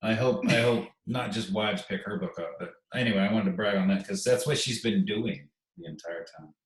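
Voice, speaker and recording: A man's voice: lowish voice, a little fast, recorded from a distance. A middle-aged man, a military veteran and podcast guest, talking in a heartfelt, rambling way and repeating himself. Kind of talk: podcast interview. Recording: echoey room, off-mic.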